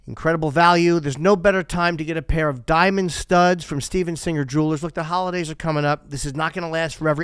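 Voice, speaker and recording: A man's voice: fairly high pitch, fairly bright tone, smooth, dry recording, clean studio sound. A man in his fifties, a podcast host doing crude, sarcastic sponsor reads live and riffing off the script. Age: 50s.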